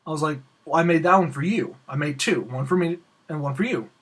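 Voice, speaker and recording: An excitable young man tells a long story in a casual, rambling way, stopping to act out what each person said. His voice sits a little higher than most men's. He hosts a laid-back Q&A show. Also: brisk, slightly rough. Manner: excitable, rambling, acts out quoted dialogue. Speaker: host of a Q&A show.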